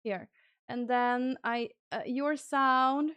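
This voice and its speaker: A young woman streaming live, chatting casually and squealing excited thanks to donors. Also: high-pitched, slow pace, clear, resonant tone, no room sound.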